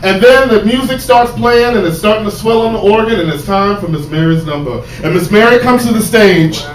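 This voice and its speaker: A man telling a stand-up comedy story, animated, swinging from quiet asides to shouted punchlines, on a stage. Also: high voice, brisk. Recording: roomy live stage sound from a distance, audible noise.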